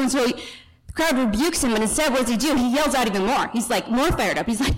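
A woman's voice: on the high side, quick pace, rough recording. A woman teaching a Bible passage in a chatty, storytelling way, correcting herself in passing and acting out the people in the story. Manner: chatty asides and self-corrections.

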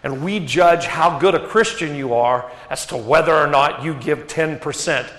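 A man preaching a sermon as pastor, asking rhetorical questions and dropping to quiet emphasis. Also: fairly high pitch, normal speed, few pauses. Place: church sanctuary. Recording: echoey hall reverb.

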